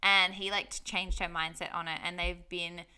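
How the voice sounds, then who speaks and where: A woman's voice: fairly low pitch, level tone, moderate pace, pushed and bright, clear, resonant tone, faint music behind. A young woman telling her personal story in a candid, heartfelt, chatty way on her vlog. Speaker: vlogger.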